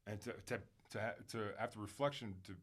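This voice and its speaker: A man speaking candidly as a podcast guest, emphatic and animated at times, then quiet and reflective, swearing casually and using plenty of fillers. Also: lowish voice, a little fast. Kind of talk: candid conversational interview.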